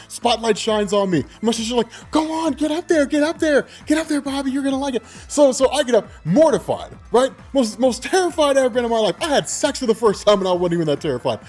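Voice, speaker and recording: A man in his twenties telling a story on his own channel in a loose, animated way, laughing often and swearing freely. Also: very high-pitched. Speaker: vlogger. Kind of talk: casual storytelling.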